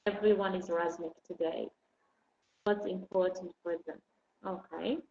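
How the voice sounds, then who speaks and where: A patient, encouraging female English teacher leads an online class lesson in a lowish, mellow voice that's fairly even and a little slow. The recording is dull and echoey, with a roomy feel and faint noise.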